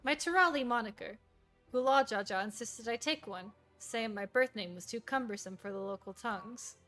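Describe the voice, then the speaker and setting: A woman voicing a calm, legendary old male sailor, reading his lines slowly and evenly in her own high voice. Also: soft background music, lightly acted.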